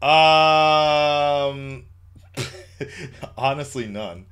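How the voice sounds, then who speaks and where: A man's voice: a little high, very slow, a bit bright, clean tone. A man hosting a casual call-in livestream, chatting loosely with lots of fillers and restarts. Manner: chatty, laid-back, many fillers and restarts. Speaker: livestream host taking calls.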